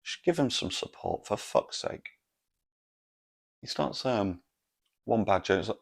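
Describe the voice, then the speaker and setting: A man's voice: lowish voice, animated, a little slow, vocal fry, pauses often. A man hosting a solo comedic podcast, telling a story in an exasperated rant full of swearing. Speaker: podcast host.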